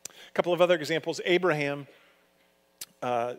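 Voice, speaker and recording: Storytelling male pastor in a reverberant hall. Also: moderate pace. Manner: storytelling, conversational with lively swings in pitch and loudness. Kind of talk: sermon.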